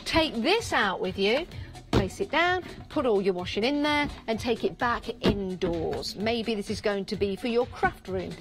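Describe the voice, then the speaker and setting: Selling products live in a TV studio, a shopping-channel presenter with an English Midlands or Northern accent stays chatty and upbeat, stressing prices and counts by repeating them. Her mid-range voice is expressive and measured, with loud music behind it.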